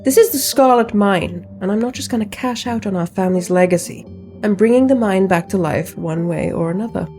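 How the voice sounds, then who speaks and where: A woman's voice: medium pitch, brisk, dark tone, faint music behind, natural voice. Blunt, stubborn young mine owner, dry and determined, read by a woman.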